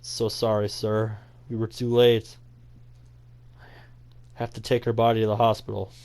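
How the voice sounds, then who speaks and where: A man voicing a matter-of-fact adult male paramedic who speaks in a flat, businesslike way. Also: lowish voice, unhurried.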